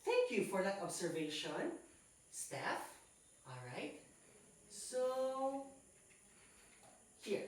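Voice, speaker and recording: Woman teacher, lively swinging voice, unhurried, echoey classroom heard from a distance. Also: fairly high pitch, slight background noise. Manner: animated, coaxing questions to students. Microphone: far camera.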